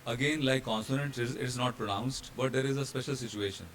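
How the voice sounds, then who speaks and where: A man's voice: mid-range voice, a little fast, slight background noise. A man from India, a hotel training instructor, explaining pronunciation rules over slides, spelling out letters, with some fillers and restarts. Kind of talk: slide-based pronunciation lesson.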